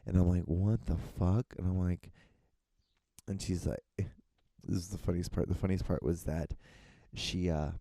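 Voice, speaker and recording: Swearing laid-back man with a deep gravelly voice. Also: fairly even intonation, normal speed, dark tone, no room sound. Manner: rambling, swears a lot, acts out quotes. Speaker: podcast host. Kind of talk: casual solo monologue.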